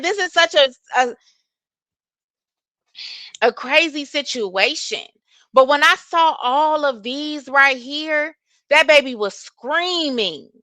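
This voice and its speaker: A woman reads text messages aloud and reacts to them. Her tone is bright and animated, and she exclaims as she goes. The sound is close and dry. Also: high voice, no room sound. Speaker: host.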